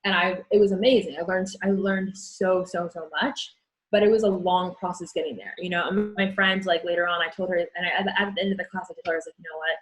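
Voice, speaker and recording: A woman's voice: fairly low pitch, steady tone, fast, poor audio. A young woman speaking as an interview guest, frank and earnest, often restarting her sentences. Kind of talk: candid conversation.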